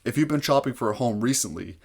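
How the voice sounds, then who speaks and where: A man's voice: medium pitch, animated, quick pace, gravelly, darkish tone. A man explaining housing market math step by step, talking to viewers with frequent "uh" fillers. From Canada. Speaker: real estate agent explaining market math. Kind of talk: explainer video to camera.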